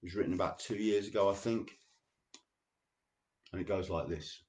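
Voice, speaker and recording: A man hosting a show, reading poems slowly and deliberately and chatting loosely between them. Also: low-pitched, a little mellow. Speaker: radio show host. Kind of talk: poetry reading with casual asides.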